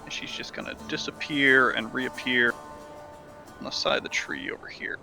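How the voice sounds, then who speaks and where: Give me a man with a gravelly, sharp voice describing his character's magic in a tabletop game, over faint music. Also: mid-range voice, moderate pace. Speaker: player.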